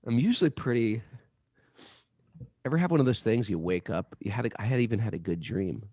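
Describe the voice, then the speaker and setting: A man co-hosting a casual chat, telling stories in an animated way and slipping into playful voices. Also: on the low side, a little fast, dry recording. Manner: animated storyteller, jumps into playful voices and laughs. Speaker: podcast co-host. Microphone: remote call.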